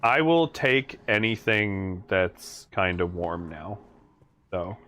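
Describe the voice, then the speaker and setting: A man's voice: low-pitched, lively intonation, slow pace, a bit bright. A man playing a video game on stream, chatting casually and making dry joking asides. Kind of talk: casual chat while gaming.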